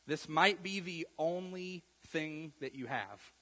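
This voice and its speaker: Guy preaching casual sermon, bright kinda husky voice, goes quiet then loud, big echoey hall. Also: fairly high pitch, slow. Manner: conversational, repeats words, swings from quiet to loud. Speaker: pastor. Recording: long reverb of a church hall.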